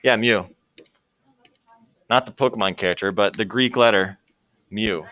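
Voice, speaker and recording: A man's voice: fairly low pitch, a little slow, bright, forceful tone, no echo, lo-fi sound. A man teaching a math lesson to a classroom and joking with his students as he works through problems. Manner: jokey, talks to students while working problems. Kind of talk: classroom lecture.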